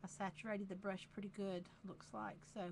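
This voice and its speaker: A woman with a Southern accent demonstrating a craft project live, talking in an unhurried, chatty way and repeating phrases as she works. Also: mid-range voice, flat delivery, gravelly, a little hiss or hum.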